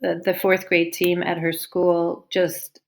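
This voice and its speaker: A woman with a low, gravelly voice tells a personal story as a podcast guest. She speaks with open, heartfelt emotion and acts out the people in her story, and at times she is close to tears. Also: monotone, slow pace. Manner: heartfelt, openly moved, retelling with quoted dialogue. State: tearful at times. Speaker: teacher and parent guest.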